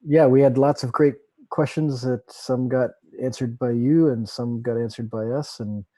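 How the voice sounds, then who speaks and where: A man's voice: medium pitch, fairly even intonation, normal speed, dark tone, no echo. A man hosting a tech livestream over a video call, chatting in an easygoing, joking way. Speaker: livestream host. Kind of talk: casual chat.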